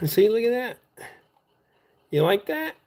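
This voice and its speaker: A man's voice: high voice, very animated, takes it slowly, gravelly, darkish tone, slight background noise. A man, chatting loosely on a livestream while he works with his hands. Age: adult. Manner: chatty, drawling, easygoing, talks while working with his hands. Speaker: livestream host. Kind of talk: casual rambling livestream chat.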